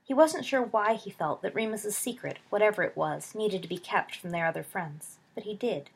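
A woman narrating a story in a steady, soft reading voice. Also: mid-range voice, moderate pace, vocal fry, husky. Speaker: audiobook narrator.

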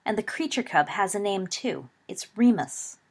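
A woman voicing a stubborn, impulsive teenage schoolboy who speaks bluntly and tersely, with a husky voice. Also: medium pitch, lively intonation, normal speed.

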